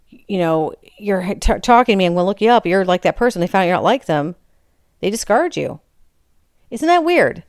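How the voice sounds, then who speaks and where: A woman's voice: lowish voice, clean tone, no echo, studio quality. A woman hosting her own podcast, talking in a candid, frustrated, confessional way, emotionally raw. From Michigan, USA. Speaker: podcast host. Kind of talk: casual personal monologue.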